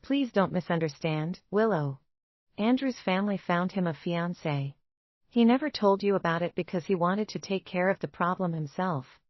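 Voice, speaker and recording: A woman's voice: fairly low pitch, expressive, moderate pace, no room sound, lo-fi sound. A woman reading as a pleading young man. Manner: pleading, explaining. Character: placating young man, a friend.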